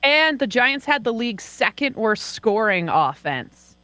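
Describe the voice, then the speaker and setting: A woman co-hosting a casual sports betting chat, hesitant and quick to laugh. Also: a little high, big pitch swings, sharp tone, no echo. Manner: hesitant, laughs often, restarts.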